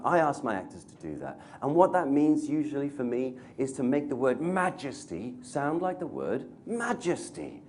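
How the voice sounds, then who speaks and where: Male actor from North Wales telling a story to teachers. Lively, swinging delivery with frequent laughs. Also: fairly high pitch, a little hiss or hum. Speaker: actor and voice coach guest speaker. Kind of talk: anecdotal talk to teachers.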